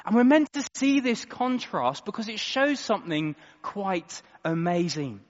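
Man, preacher, sermon, slow unhurried delivery, fairly high voice, echoey hall, dull sound. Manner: expressive, dramatic swings between loud and quiet.

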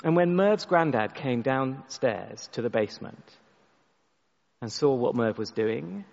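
A man preaching a sermon, telling a story and often restarting his words, sometimes dropping his voice very soft for emphasis. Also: medium pitch, animated, unhurried, vocal fry, big-room sound, lo-fi sound. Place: church.

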